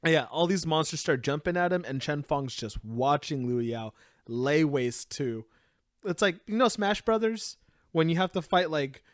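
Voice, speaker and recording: A man's voice: fairly high pitch, dry recording, clean studio sound. A young man co-hosting a casual anime review podcast, recapping scenes and acting out the characters' lines. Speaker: podcast co-host.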